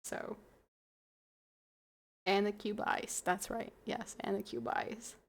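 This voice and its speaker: A tipsy young woman hosting a livestream, chatting in a rambling, playful way that trails into soft mumbles. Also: medium pitch, little pitch movement, takes it slowly, vocal fry, slightly rough. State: tipsy from wine. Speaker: livestream host. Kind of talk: casual chat to stream viewers.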